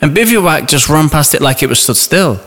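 A man chatting casually as a podcast co-host about horse racing, lively and often restarting his phrases. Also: a little high, a little fast. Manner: animated, restarts phrases, talks over others. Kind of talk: casual sports banter. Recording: long reverb.

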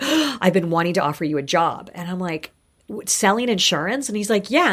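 A woman's voice: mid-range voice, a little fast, husky. A middle-aged woman, a guest on an interview podcast, telling her career stories casually and acting out the voices of people she quotes. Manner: animated, acts out quoted voices. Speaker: guest, actor and insurance broker.

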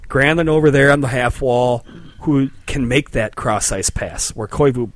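Podcast host, male, mid-pitched, joking and profane, tight dry studio sound. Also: normal speed, no echo. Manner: animated, joking, swears freely. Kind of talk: casual sports chat.

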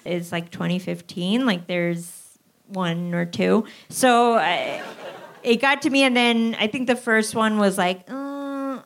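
A woman spins a comic anecdote for a live theatre audience, her delivery dry and deadpan. She undercuts herself constantly, with a mid-range voice that stays level. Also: mid-range voice, a little slow, a little hiss or hum. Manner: dry, self-deprecating, deadpan. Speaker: comedian guest. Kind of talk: live comedic storytelling.

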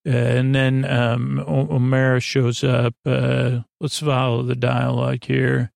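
A man hosting a sleepy bedtime podcast, rambling through an episode recap in an unhurried way with lots of fillers. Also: mid-range voice, monotone, gravelly, a little mellow, dry recording. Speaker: podcast host.

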